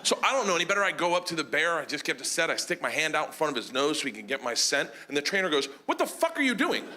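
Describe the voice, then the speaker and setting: A man telling a story as a stand-up comedian on a club stage, animated and loud, with shouted punchlines and audience laughter behind him. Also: a little high, racing. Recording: live stage recording with crowd noise.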